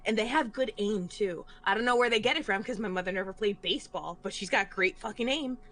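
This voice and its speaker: A woman's voice: mid-range voice, fast talker. A woman in casual chat during an online tabletop game, telling comic family stories with lots of swearing and laughter. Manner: animated, swears freely, laughs mid-story.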